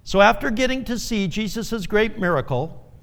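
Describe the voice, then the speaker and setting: A man's voice: sits high, lively intonation, normal speed, a bit bright, big-room sound. A male preacher delivering a sermon in an earnest way, repeating phrases and chuckling often.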